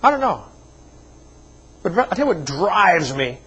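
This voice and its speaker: Folksy husky male evangelist. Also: high voice, sing-song, a little slow, fairly bright tone, poor audio. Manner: folksy storytelling with joking asides. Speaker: evangelist speaker. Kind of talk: seminar sermon with personal stories.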